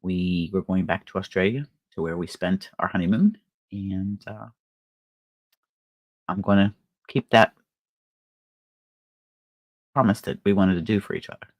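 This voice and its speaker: A woman's voice: very deep voice, steady tone, unhurried, long pauses, dry recording, lo-fi sound. An older woman hosting a crafting livestream, chatting casually and rambling with fillers and laughter. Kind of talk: casual chat.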